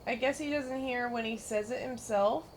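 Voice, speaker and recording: A woman streaming a game, chatting casually, giggling and teasing, breaking into loud mimicking bursts. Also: on the high side, normal speed, a little hiss or hum.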